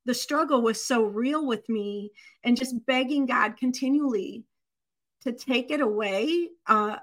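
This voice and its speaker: High-voiced woman telling an earnest story. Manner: earnest, animated storytelling with quick asides. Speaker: podcast co-host. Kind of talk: candid conversational storytelling.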